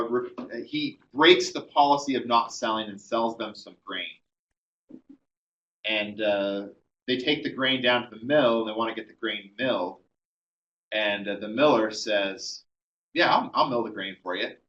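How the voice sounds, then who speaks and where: A man's voice: lowish voice, a bit bright, recorded from a distance, highs cut off. A man giving a classroom history lecture, telling the story conversationally with many ums and uhs.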